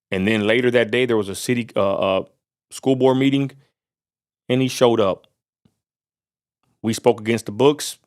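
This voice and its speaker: A man from Texas delivering an angry, fired-up vlog rant, preacher-like and full of Southern turns of phrase. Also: lowish voice. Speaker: vlogger. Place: outdoors near a roadside lot.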